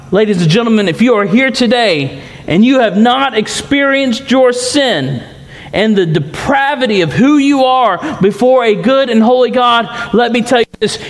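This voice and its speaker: A man, a student pastor, preaching a sermon in a church, slowing down to stress key words. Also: sits high. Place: church sanctuary. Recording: long church reverb.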